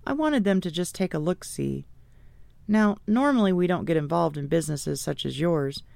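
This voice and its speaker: A man's voice: high voice, gravelly, darkish tone, dry recording. A woman reading as a friendly businessman. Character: friendly middle-aged male businessman.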